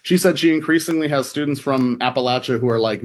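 A man's voice: mid-range voice, quick pace, hardly any pauses. Man from the Midwest, radio interview guest, conversational and filler-heavy. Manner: chatty, lots of fillers and "like". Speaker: reporter guest.

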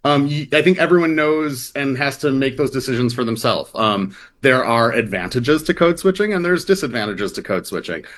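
A Midwestern American reporter appears as a guest in a conversational interview, speaking casually and hedging constantly with fillers like "like" and "um." His voice is medium-pitched and fairly bright, moving at a normal speed with hardly any pauses.

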